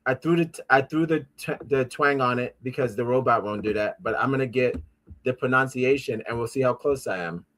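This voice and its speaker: A man's voice: medium pitch, brisk, a bit bright. Rambling, profane man hosting a show. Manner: rambling and profane, with frequent restarts and asides; easily frustrated, talks back at his devices. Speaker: podcast host. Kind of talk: casual pop-culture commentary.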